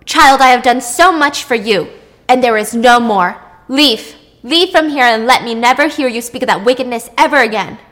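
A woman's voice: on the high side, animated, a bit bright. A woman voicing a weary, stern old female sea goddess who talks down to her granddaughter. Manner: stern, dismissive, slow.

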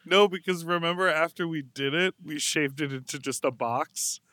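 A man's voice: fairly high pitch, normal speed, bright, forceful tone, dry recording. A man chatting casually on a podcast, asking rambling questions in an easygoing way. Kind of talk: casual chat.

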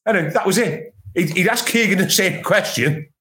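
A man on a football panel in casual chat, telling anecdotes in an animated way and restarting his words often. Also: high voice, normal speed. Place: at home, remote.

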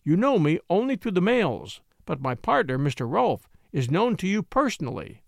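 A genial young lawyer who stays amiable and polite, with a lively rise and fall to his voice, as a male narrator reads him. The voice is close and dry, with no room sound. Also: sits high, moderate pace, gravelly, dry recording, full character voice.

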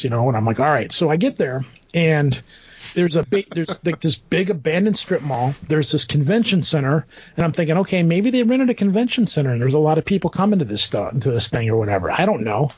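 A man with a slightly high voice tells a long, rambling anecdote in casual conversation, animatedly acting out what people said with quoted asides. The recording has no echo, and its highs are cut off.

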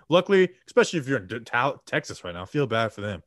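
A man's voice: mid-range voice, sing-song, fast talker, hardly any pauses, a bit bright, no echo, clean studio sound. A young man on a podcast, loosely reading an ad with joking, rambling asides. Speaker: co-host reading an ad. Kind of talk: casual podcast ad read.

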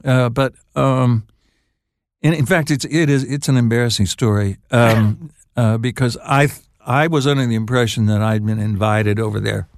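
An older man, a songwriter guest on an interview show, telling stories in a halting, laughing way. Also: mid-range voice, steady tone, no room sound, clean studio sound. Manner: halting, restarts phrases, laughs while telling. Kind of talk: casual storytelling interview.

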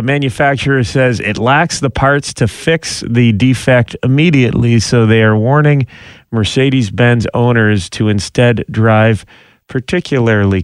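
A man's voice: mid-range voice, no room sound. A man co-hosting a morning radio show, chatty and jokey, laughing often, on a studio microphone. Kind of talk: casual morning radio banter.

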